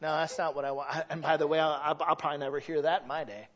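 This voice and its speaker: A man preaching a sermon as pastor, shifting from quiet, near-whispered passages to loud, exclaiming ones. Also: fairly high pitch, level tone, very fast, lo-fi sound. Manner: swings from hushed and intimate to loud and exclaiming.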